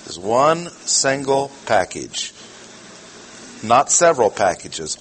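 A man's voice: mid-range voice, lively intonation, measured pace, fairly bright tone, slightly rough, rough recording. A man preaching a sermon, teaching through a passage with rhetorical questions and repeated key phrases.

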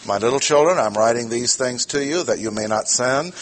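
A man teaching a sermon verse by verse, slow and deliberate, repeating his key words. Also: mid-range voice, slight background noise. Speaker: preacher. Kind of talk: expository Bible teaching.

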